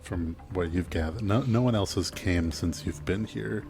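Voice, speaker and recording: A man narrating a tabletop game as game master, relaxed and halting, with many fillers. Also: sits low.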